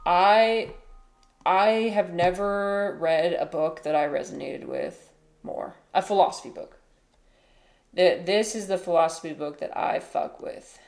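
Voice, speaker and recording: A woman chatting on a livestream in a low, unhurried voice. She rambles and restarts herself often, with lots of fillers, and coos softly to her cat in between. Faint music plays behind her. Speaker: livestreamer and teacher. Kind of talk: casual livestream chat.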